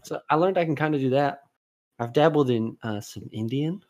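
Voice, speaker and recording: A man co-hosting a podcast in casual chat. He rambles with lots of fillers and has sudden animated bursts. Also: medium pitch, normal speed. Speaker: podcast co-host.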